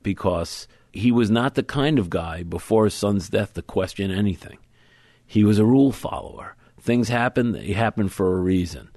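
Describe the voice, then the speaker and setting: Author guest, low male voice, thoughtful and measured, dry close studio sound. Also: dark tone, dry recording. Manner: thoughtful, measured, explains at length. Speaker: author being interviewed. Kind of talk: conversational interview.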